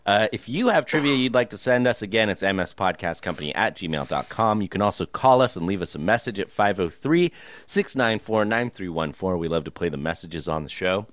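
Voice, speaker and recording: A man with a fairly low voice runs a trivia segment on a podcast. His pitch swings widely as he reads each question, and he breaks into laughter between them. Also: fairly quick. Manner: laughs often, lively quizmaster. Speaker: podcast host reading listener trivia. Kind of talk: casual chat.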